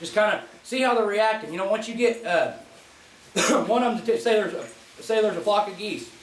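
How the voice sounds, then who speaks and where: Folksy high-voiced man demonstrating goose calls. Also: fairly quick, slight background noise. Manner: relaxed, folksy, repeats and restarts phrases. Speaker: goose call instructor. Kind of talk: casual spoken demonstration. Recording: distant mic in an echoey space, faint clicking.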